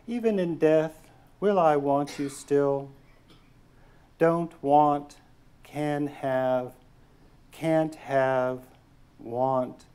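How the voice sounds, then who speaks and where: A man, a poet, reading his poems aloud at a lecture event, pausing with hesitant asides between poems and reading the verse in a slow, measured way. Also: a little high, a little mellow. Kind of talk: poetry reading. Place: lecture hall.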